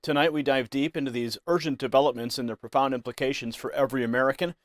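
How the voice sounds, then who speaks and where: A man's voice: mid-range voice, fairly even intonation, fast talker, dry recording. Brief: male voice-over narrator, scripted news special, grave emphasis, dry studio sound. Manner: ominous, emphatic delivery.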